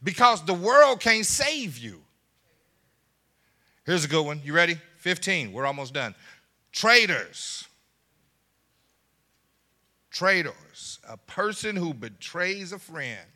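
A pastor preaching with great animation, his voice swinging widely up and down. He talks to the congregation directly, asks if they are ready and laughs between points. The man's tone is very bright and high. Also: slow, long pauses. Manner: animated preaching, laughing asides, call and response. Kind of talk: sermon.

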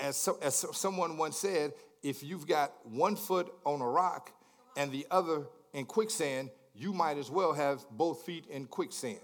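A preacher man with a bright, somewhat high voice, repeating himself in stammering restarts as he drives his point home. He asks his listeners questions and swings from hushed lines to shouted climaxes. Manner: repetitive stammering restarts, call-and-response questions. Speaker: pastor. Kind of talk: sermon.

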